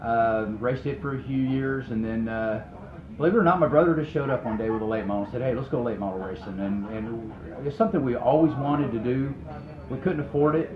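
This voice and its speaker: A man's voice: medium pitch, fairly quick, a crowd in the background. A man from Northwest Arkansas. He answers interview questions in a hesitant, plain-spoken way and often repeats words. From Northwest Arkansas, USA. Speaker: racing driver guest. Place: outdoor speedway. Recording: tinny phone-like sound, echoey, loud noise.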